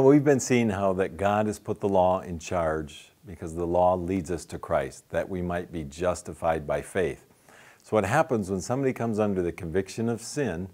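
Earnest low-voiced man teaching. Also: darkish tone. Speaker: street evangelism teacher. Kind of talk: teaching with a retold anecdote.

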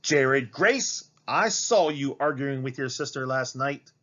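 A man's voice: mid-range voice, expressive, slow pace, fairly bright tone, dull audio, voice pushed up. A man voicing a stern, suspicious mother who scolds her children sharply, in a storybook reading.

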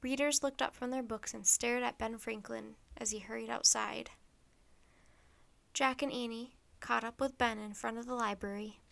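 A woman's voice: a little high, moderate pace. Woman reading a children's story aloud. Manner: clear, steady read-aloud narration.

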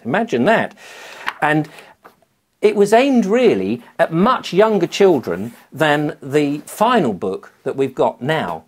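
Lively, husky man. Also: mid-range voice. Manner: animated, rambling storyteller. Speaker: children's author. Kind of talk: casual talk to camera.

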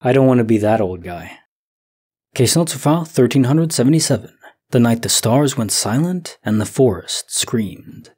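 Brief: thirties male sleep story narrator, slow and reflective, dark husky tone. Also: mid-range voice, expressive. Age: 30s. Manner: slow, soft, reflective, thinking aloud. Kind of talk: calm musing commentary on listener stories.

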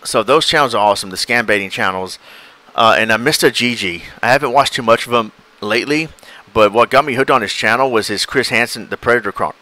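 Enthusiastic, rambling podcast co-host man, bright. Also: medium pitch, fast. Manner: enthusiastic, rambling, acts out clips. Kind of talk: casual chat.

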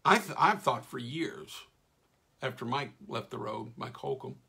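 A man's voice: medium pitch, lively intonation, a little slow, bright, forceful tone, breathy edge. A middle-aged man, hosting a casual live stream, reading out viewers' names and chatting with folksy enthusiasm as his voice wears thin. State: losing his voice. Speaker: radio host reading live comments.

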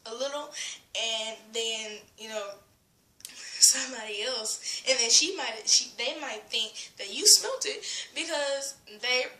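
A woman's voice: fairly high pitch, slow pace, bright, forceful tone. Rambling teen girl vlogger, echoey room. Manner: rambling, filler-heavy, giggly, drops to whispers. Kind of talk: casual vlog rant.

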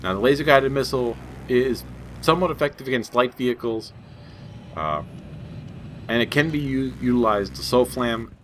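A man's voice: medium pitch, animated, normal speed, slight background noise. A young man giving casual gameplay commentary, rambling and jokey, laughing at his own asides. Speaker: gaming channel host.

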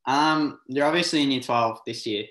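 An easygoing Australian man in his late teens hosts a casual podcast, putting questions to his guest with plenty of ums. His voice sits at a mid pitch. The room gives it a noticeably echoey sound. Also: moderate pace, fairly bright tone. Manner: easygoing, filler-heavy questioning. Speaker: podcast host. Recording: roomy echo.

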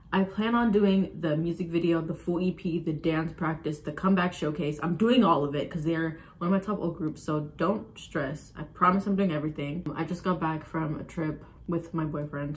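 A young person in their twenties reacting on camera at home, excitable and swearing freely, swinging between low mumbles and loud outbursts. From Arizona, USA. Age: 20s. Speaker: K-pop reaction YouTuber. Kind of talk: casual reaction vlog. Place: room at home. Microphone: phone camera.

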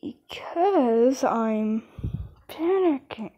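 Girl doing flustered young man, stammers and panics, talks slow and high. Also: big pitch swings, darkish tone, highs cut off, full character voice. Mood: nervous. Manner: stammering, nervous. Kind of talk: fan comic dub.

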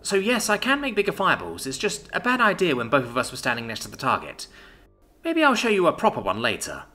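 A man voicing a young, mild-mannered female mage student who speaks calmly. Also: a little high, quick pace, faint music behind, pitched above the performer's own voice, heavily acted. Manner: calm, soft-spoken.

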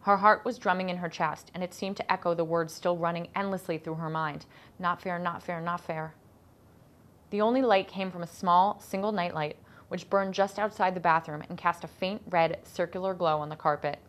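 Expressive woman reading her novel aloud. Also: on the low side, fairly quick. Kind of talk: audiobook-style narration of a children's novel.

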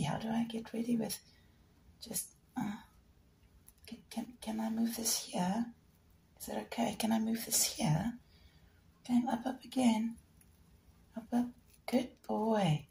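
A woman with a hoarse, gravelly voice, chatting softly in baby talk to her pet budgie while training it. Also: on the high side, steady tone, unhurried, pauses often, slight background noise. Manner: soft coaxing baby talk. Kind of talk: casual vlog talk to a pet bird.

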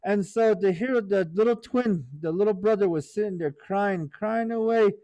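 High-voiced man telling a tale. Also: normal speed, hardly any pauses, dry recording, dull audio. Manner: gentle teacherly, often asks "right?" and "okay?". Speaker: storyteller for youth. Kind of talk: traditional storytelling to children.

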